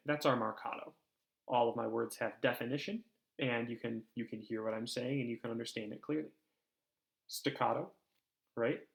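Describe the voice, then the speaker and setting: A man's voice: mid-range voice, fairly bright tone. Chatty male orchestra teacher. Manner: friendly, conversational, with fillers and repeats. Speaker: music teacher. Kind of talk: classroom video lesson.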